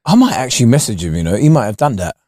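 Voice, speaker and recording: A man's voice: medium pitch, very animated, very fast, mellow, no room sound, studio quality. A young man, co-hosting a casual podcast chat, telling stories loosely and laughing often. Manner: laughs a lot, loose slangy storytelling. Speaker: podcast co-host.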